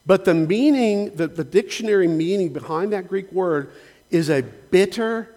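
High-voiced pastor in a reverberant hall. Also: male voice, animated, normal speed, dark tone. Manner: conversational, earnest, frequent restarts and asides. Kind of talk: sermon. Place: church sanctuary.

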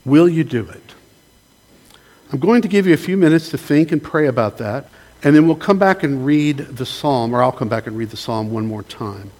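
A man preaching as a pastor, reading a psalm aloud and praying, gentle and unhurried, pausing to invite the congregation to respond. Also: mid-range voice, expressive. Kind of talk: sermon with scripture reading and prayer.

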